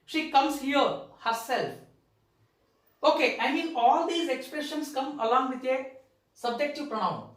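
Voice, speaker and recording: A woman teaching a grammar lesson, repeating words slowly and stressing key terms. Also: high voice. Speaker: English teacher. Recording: echoey room, far from the mic.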